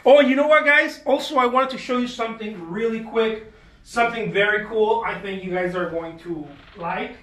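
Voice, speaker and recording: A man's voice: high voice, normal speed, fairly bright tone. Jokey man in an echoey studio. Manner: jokey, chatty, self-mocking boasts. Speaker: artist hosting a drawing demo. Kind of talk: casual art demonstration. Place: art studio.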